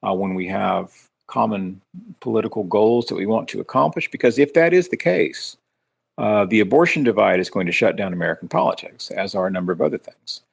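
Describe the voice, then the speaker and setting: Low gravelly man, halting and sardonic. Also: expressive, no room sound. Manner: measured, hesitant, with many ums and sardonic asides. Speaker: podcast co-host and writer. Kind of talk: casual political discussion.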